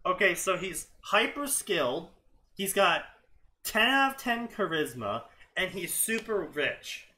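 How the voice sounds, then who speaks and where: A man with a bright, slightly high voice reads fanfiction aloud and picks it apart. His delivery is sarcastic and exasperated, full of dry asides. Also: big pitch swings, measured pace, poor audio. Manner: exasperated, sarcastic, often laughing. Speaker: fanfiction reading show host. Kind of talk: sarcastic commentary and reading aloud.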